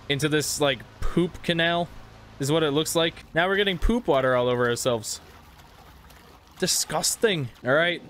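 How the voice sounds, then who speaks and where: Excitable high-voiced male gamer. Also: a little hiss or hum. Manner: excitable, whooping, joking reactions. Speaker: gaming YouTuber. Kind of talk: let's play commentary.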